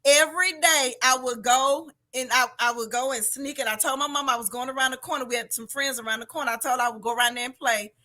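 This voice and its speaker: A woman chef telling stories from her childhood in a lively, casual chat, laughing often and acting out the people in them. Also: high voice, quick pace, hardly any pauses. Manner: animated storyteller, laughs often, acts out voices. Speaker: guest chef. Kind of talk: casual storytelling interview.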